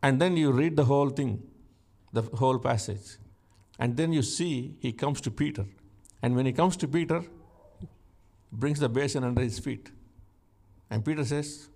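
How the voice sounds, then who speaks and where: Gravelly man preaching a slow sermon. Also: mid-range voice, darkish tone. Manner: slow, emphatic Bible teaching with rising exclamations.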